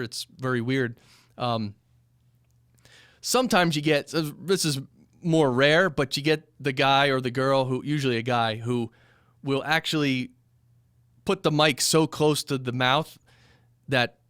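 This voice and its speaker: A man with a mid-range voice talks casually about using a microphone, stopping and restarting as he goes. His voice is smooth and clear. The sound is dry and close, recorded in a small studio. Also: medium pitch, fairly bright tone, no room sound. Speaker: recording studio owner teaching mic technique. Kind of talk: casual instructional talk to camera. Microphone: studio microphone at a few inches, sometimes pulled far off.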